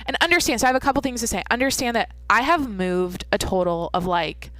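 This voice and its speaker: Speaking fast and animatedly, a young woman with a fairly high, bright voice hosts her own podcast at home at night. In this casual solo monologue she rambles through a long story, swearing and interrupting herself, with no echo on the recording.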